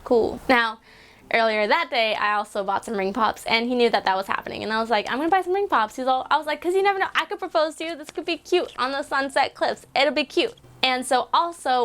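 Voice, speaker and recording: A woman in her twenties telling a story to the camera in a casual vlog, acting out quotes with squeals and excited shrieks. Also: on the high side. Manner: animated, acts out quotes with squeals and screams. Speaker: vlogger.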